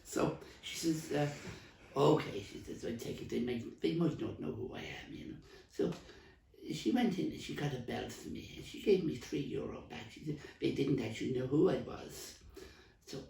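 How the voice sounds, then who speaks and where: A man's voice: medium pitch, normal speed, creaky, darkish tone, slight background noise, natural voice. A man playing an elderly Dublin stall trader, a rambling, coughing heavy smoker who stumbles and restarts as she talks. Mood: gossipy. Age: older. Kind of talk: comic character monologue. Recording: roomy, distant mic.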